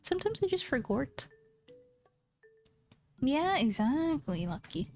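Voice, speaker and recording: There's faint music behind this woman's high, sing-song voice, which is slow and a little mellow. Chatting casually with viewers on her stream, she laughs often, teases them playfully and talks to them directly.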